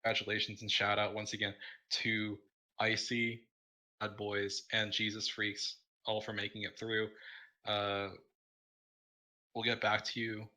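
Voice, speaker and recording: A man casting a gaming tournament stream, tired and halting, with many fillers as he wraps up. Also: fairly low pitch, completely flat delivery, sharp tone. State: tired, yawning. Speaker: tournament caster. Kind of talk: casual livestream wrap-up.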